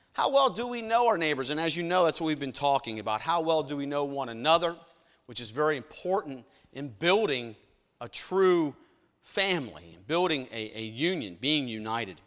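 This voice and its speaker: A man's voice: on the high side, pushed and bright, long reverb tail. A man preaching an evening sermon, telling stories in a folksy, conversational way with many fillers and emphatic questions. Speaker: pastor.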